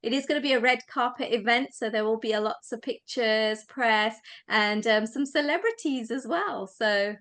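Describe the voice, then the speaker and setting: A woman's voice: on the high side, moderate pace, hardly any pauses, fairly bright tone. A woman cast member in a podcast interview, talking in an upbeat, promotional way. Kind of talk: casual interview chat.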